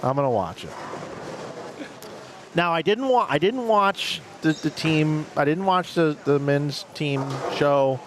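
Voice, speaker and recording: A man's voice: fairly high pitch, a little slow, hardly any pauses. A man commentating on bowling, chatting casually and rambling through emotional restarts. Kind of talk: casual chat. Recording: noisy background.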